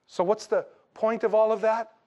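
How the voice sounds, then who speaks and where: A man preaching with a slightly higher voice, mixing scripture with jokes. He tells the story in lively, casual words and voices the people in it. His delivery stays loose and playful as he speaks to the congregation. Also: moderate pace, muffled recording. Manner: humorous, animated storytelling with laughs; acts out dialogue in a casual, jokey way. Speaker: pastor. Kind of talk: sermon.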